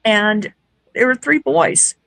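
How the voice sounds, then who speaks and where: Slightly high and creaky, this woman's voice moves at a slow pace, captured on a low-quality recording with no room sound. As a paranormal investigator appearing as a guest, she tells her story casually and with energy, performing each quoted line.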